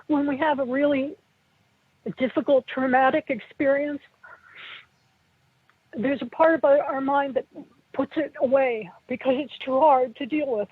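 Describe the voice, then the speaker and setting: A middle-aged woman recalling personal memories as an interview guest, halting and emotional, sometimes tearful. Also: high voice, steady tone, dry recording. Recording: tinny phone-like line.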